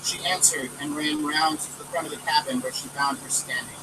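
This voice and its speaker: A man reading a story aloud in a lively, expressive way, recorded outdoors from a distance with street traffic behind. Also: on the high side, a little fast, few pauses. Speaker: volunteer reader. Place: outdoors near a city hall.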